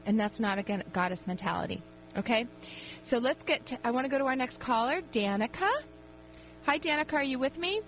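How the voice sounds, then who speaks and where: A woman's voice: a little high, animated, a little fast, fairly bright tone, dull audio, a little hiss or hum. A woman hosting a call-in radio advice show, talking in an upbeat, emphatic pep-talk manner.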